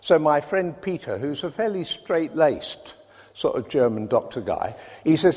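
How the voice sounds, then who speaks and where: A man's voice: fairly high pitch, sing-song, unhurried, slightly rough. A man from Britain preaching a sermon in a conversational way, with wry asides. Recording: reverberant hall.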